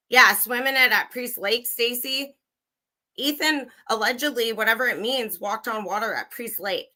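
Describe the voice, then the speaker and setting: A young woman livestreams true crime commentary, reading and reacting with anger, sarcasm, and plenty of swearing. Her voice sits on the high side, pushed and bright, at a moderate pace. She comes across as profane, sarcastic, and heated.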